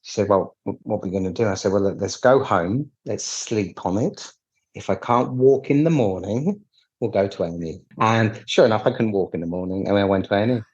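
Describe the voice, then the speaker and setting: A man's voice: on the low side, fairly quick, darkish tone, slightly rough, muffled recording. A British man, a piano technician, telling his story in a candid, wry interview, acting out the dialogue he quotes.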